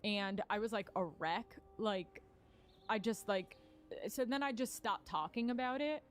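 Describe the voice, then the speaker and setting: A woman's voice: medium pitch, unhurried, soft background music. Woman comedian, candid rambling storyteller, filler-heavy and profane, mid-range voice. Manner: rambling, lots of "like" fillers and swearing. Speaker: stand-up comedian. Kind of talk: casual personal storytelling.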